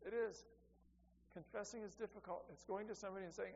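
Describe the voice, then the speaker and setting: A middle-aged male pastor with a high-pitched voice preaches an earnest sermon, repeating key phrases and swinging from soft to loud. The sound is dull and lo-fi, with a long reverb trailing off the walls of a church and a faint hum underneath. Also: fairly even intonation, quick pace, vocal fry. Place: church sanctuary.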